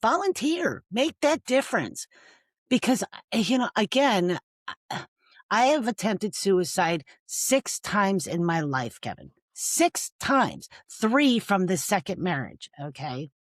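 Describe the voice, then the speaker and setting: An earnest woman talks as an interview guest, mixing laughter with heartfelt appeals. Her voice sits at a middling pitch and is recorded close and dry, with no room echo. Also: very animated, slow pace. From United States. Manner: earnest, laughs often, tag questions. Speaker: guest, nonprofit founder. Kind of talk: emotional interview talk.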